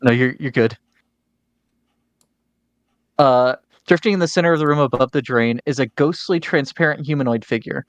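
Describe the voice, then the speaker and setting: A game master narrating a tabletop game with many pauses and fillers. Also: mid-range voice, dry recording. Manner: hesitant, filler-heavy narration.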